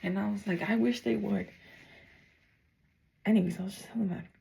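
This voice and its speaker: A young woman casually retelling a strange dream, chatty and full of "like", sometimes mumbling softly and sometimes getting heated. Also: medium pitch, steady tone, moderate pace, vocal fry, poor audio. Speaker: storyteller recounting a dream.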